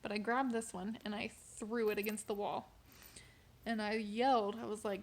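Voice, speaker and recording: A woman's voice: mid-range voice, little pitch movement, normal speed. A young woman telling a personal faith story to camera in a candid, conversational way, with frequent fillers. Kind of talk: casual personal testimony.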